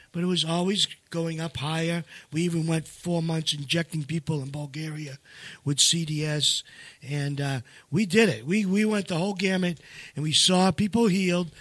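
Rambling, emphatic man with a higher voice. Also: no echo. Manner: rambling, full of restarts and fillers. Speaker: seminar leader and co-author. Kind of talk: casual promotional chat.

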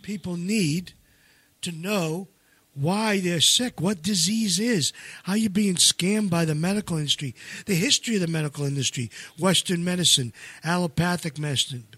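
A man's voice: on the high side, moderate pace, bright, forceful tone, slightly rough, dry recording. A man leading seminars who talks in a rambling way, full of restarts and fillers, and pushes hard on his main points. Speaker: seminar leader and co-author. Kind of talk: casual promotional chat.

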